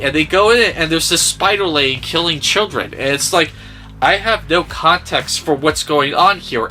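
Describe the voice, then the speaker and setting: A male film reviewer talks through a movie in a loose, sarcastic vlog style, swearing freely. His voice is bright and forceful. He speaks a little higher than most men, with soft music faint behind him.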